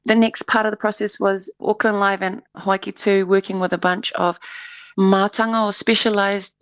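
A woman's voice: medium pitch, little pitch movement, moderate pace, no echo. A woman, an artistic director being interviewed on radio, talking with enthusiasm and frequent restarts. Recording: slightly muffled dry studio mic.

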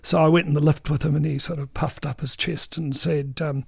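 A man's voice: on the high side, level tone, a little fast, vocal fry, few pauses, slightly rough, no room sound, studio quality. A man, a veteran political journalist telling anecdotes in an interview, chatty and full of ums and uhs.

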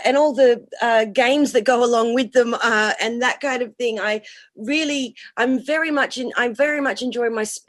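Woman, cabaret performer, radio interview guest, enthusiastic, fairly high voice. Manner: enthusiastic, with frequent fillers and restarts.

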